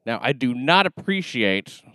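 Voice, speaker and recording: A man's voice: mid-range voice, big pitch swings, unhurried, bright, forceful tone, no echo. A man hosting a podcast, chatting casually with dry, sarcastic jokes. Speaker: podcast host.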